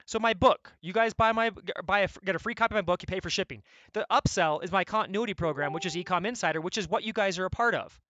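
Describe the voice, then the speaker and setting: Energetic high-voiced male e-commerce coach. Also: fast, hardly any pauses, muffled recording, a little hiss or hum. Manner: energetic, blunt, conversational with frequent "right?". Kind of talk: coaching session to members.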